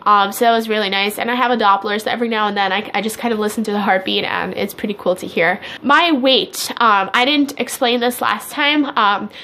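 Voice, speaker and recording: A young pregnant woman chatting to camera in a casual vlog, animated and laughing as she tells her stories. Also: medium pitch, brisk, few pauses, slight background noise. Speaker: pregnancy vlogger.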